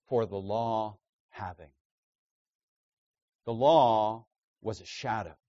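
A man's voice: dry recording, highs cut off. Man preaching an emphatic Bible sermon. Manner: emphatic teaching, swinging between loud stresses and low asides. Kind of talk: expository sermon.

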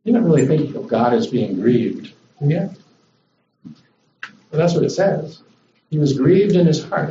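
A man preaching a sermon to a congregation as a visiting speaker, in a relaxed, conversational way that rises when he voices the lines he quotes. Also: a little high, measured pace, long pauses, roomy sound, recorded from a distance, highs cut off, a little hiss or hum. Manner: conversational, animated when voicing God. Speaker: guest preacher.

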